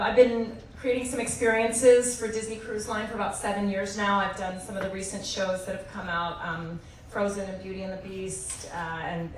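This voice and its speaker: A woman's voice: mid-range voice, slight background noise. A woman from New Jersey speaking on a live panel as a show writer, chatty with frequent hesitations. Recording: echoey hall from far off.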